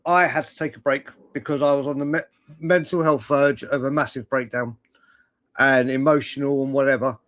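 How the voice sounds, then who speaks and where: A man's voice: medium pitch, steady tone, normal speed, fairly bright tone. A young man hosting a casual live fan chat stream, rambling and laughing as he greets viewers in the chat. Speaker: livestream host.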